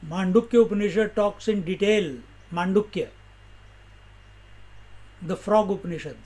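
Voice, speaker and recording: A man giving a slow, unhurried talk on scripture, asking rhetorical questions and chanting syllables. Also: high voice, darkish tone. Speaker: spiritual teacher. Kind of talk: scripture discourse.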